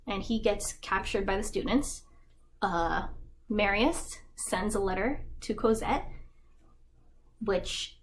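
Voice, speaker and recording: Brief: woman YouTuber, casual and wry recap, mid-pitched voice. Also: slight background noise. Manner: chatty, irreverent, wry. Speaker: YouTube creator. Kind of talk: casual story summary.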